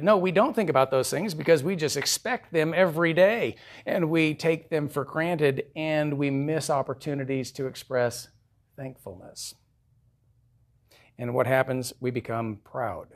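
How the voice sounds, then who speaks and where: A man's voice: on the high side, moderate pace. A male pastor preaching a sermon in a conversational way, asking his congregation questions.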